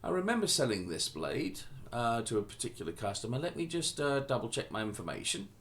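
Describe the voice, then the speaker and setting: A man's voice: mid-range voice, big pitch swings, a little fast, fairly bright tone. A man voicing a courteous male blacksmith shopkeeper who is helpful to customers.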